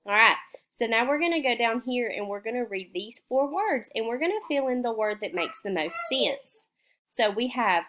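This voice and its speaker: A woman teaching young children remotely, slowly sounding out words in a patient, sing-song way and answering her own questions. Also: mid-range voice, expressive, a bit bright.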